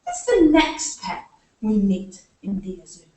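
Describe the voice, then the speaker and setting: A woman's voice: medium pitch, wildly swooping pitch, slow, dark tone. A woman leading a live story time for young children, playfully asking them to join in with actions. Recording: echoey room, far from the mic.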